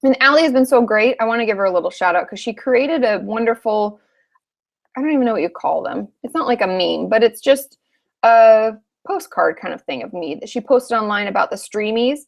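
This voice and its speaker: A woman's voice: fairly high pitch, expressive, a little fast, vocal fry. A woman in her thirties, a therapist from Washington state, answering viewer questions in a frank, chatty live Q&A, swearing casually now and then.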